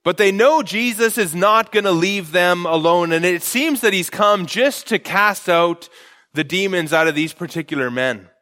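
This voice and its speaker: High, bright-voiced male pastor preaching. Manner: earnest expository preaching, slowing to stress key phrases. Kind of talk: sermon.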